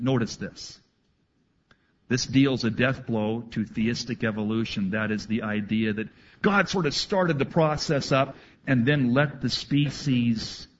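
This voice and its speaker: A man preaching a sermon to his congregation, reading scripture aloud and adding animated asides. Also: mid-range voice, dull audio, a little hiss or hum. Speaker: pastor.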